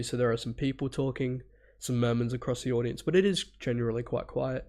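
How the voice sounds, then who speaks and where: A man's voice: mid-range voice, vocal fry. Sniffly man with a cold, rambling live. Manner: rambling, laughing, swearing; hums parts aloud. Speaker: live-stream reactor. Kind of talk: casual live reaction commentary.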